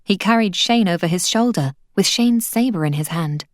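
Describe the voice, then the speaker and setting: Soft-spoken woman reading a novel aloud. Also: on the low side, lively intonation, moderate pace, dry recording, clean studio sound. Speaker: audiobook reader.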